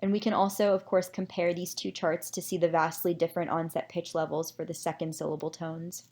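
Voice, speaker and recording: A woman with a fairly low voice walks through research findings in a scripted academic presentation. She explains things in a measured way and now and then drops in a filler. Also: level tone, a little mellow. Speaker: presenter summarizing a research paper.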